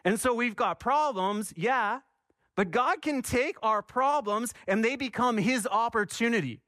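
High-voiced preacher, dry close sound. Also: male voice, measured pace, bright, forceful tone, dry recording. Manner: passionate, repeats for emphasis, asks the congregation questions. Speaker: pastor. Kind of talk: sermon.

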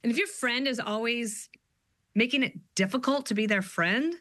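Guest author, middle-aged woman, bright voice, dry sound, lively storyteller. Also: on the high side, dry recording. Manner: animated storyteller, quick asides. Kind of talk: conversational interview.

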